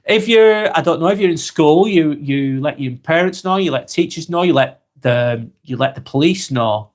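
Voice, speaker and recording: Blunt English man reading live chat, slightly high. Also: lively intonation, normal speed. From England. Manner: blunt, dismissive of trolls, repeats himself with ums. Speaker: live-stream host.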